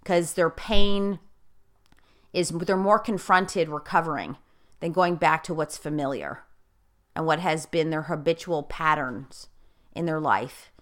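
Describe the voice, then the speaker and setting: A middle-aged woman hosting a conversation, earnestly telling a personal story with animated bursts and frequent restarts. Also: deep voice, measured pace. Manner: earnest, animated storyteller who repeats herself and speeds up in bursts. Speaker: host.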